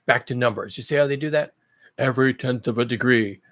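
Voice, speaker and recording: Talking a little fast, this channel host delivers a profane, sarcastic news rant. He veers from quiet muttering to loud outbursts and keeps repeating phrases to drive points home.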